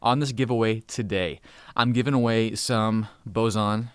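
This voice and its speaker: A man in his thirties hosting a casual live stream, talking in an upbeat, hurried way and now and then hushing his children. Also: lowish voice, fairly even intonation, crowd noise. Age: 30s. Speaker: host.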